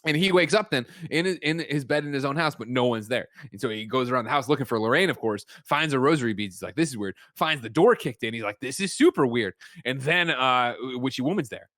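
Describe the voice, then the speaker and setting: A man casually recapping a film plot on a podcast, animated and swearing freely, jumping into quick voices for the characters. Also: mid-range voice, no echo, clean studio sound. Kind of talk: casual chat.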